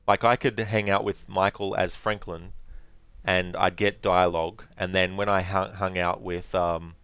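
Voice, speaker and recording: A man's voice: deep voice, little pitch movement, unhurried, fairly bright tone, clear, resonant tone, no room sound. A man hosting a let's play, chatting casually over gameplay with rambling, laughing asides.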